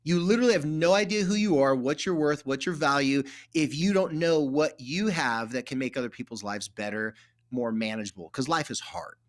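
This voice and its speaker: A man's voice: mid-range voice, a little fast. A middle-aged man, a therapist guest, telling stories in casual conversation and acting out quoted dialogue. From California. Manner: animated, acts out quoted dialogue.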